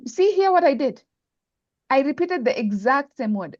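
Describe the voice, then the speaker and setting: A woman's voice: high-pitched, sing-song, normal speed, a little mellow, dry recording. A woman teaching Arabic grammar in an online class, patiently repeating terms and checking that students follow. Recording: dull lo-fi online call audio.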